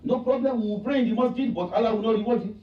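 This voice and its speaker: A man's voice: high-pitched, very fast. A man giving a Friday sermon in a mosque, preaching emphatically with repeated rhetorical lines. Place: mosque prayer hall. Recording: echoey, distant, dull hall recording.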